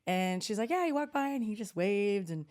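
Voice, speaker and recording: A woman's voice: mid-range voice, normal speed. A middle-aged woman co-hosting a casual podcast chat, telling stories with lots of laughter and acted-out quotes. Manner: animated storyteller, laughs often, quotes others in lively voices. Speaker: podcast co-host.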